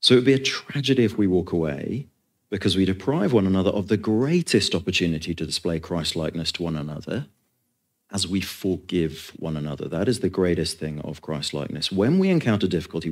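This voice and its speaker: Preacher, man, very low voice, earnest emphatic sermon delivery with casual asides. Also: animated, fairly quick, darkish tone.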